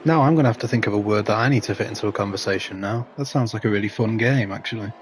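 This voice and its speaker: A man's voice: on the low side, rapid-fire, slight background noise. A man, casually commentating a sim race and chatting with a rambling, dry sense of humour.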